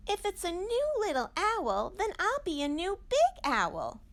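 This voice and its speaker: A woman voicing an excitable young boy owl chick with high-pitched, squealing protests. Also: measured pace, exaggerated voice. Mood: excited.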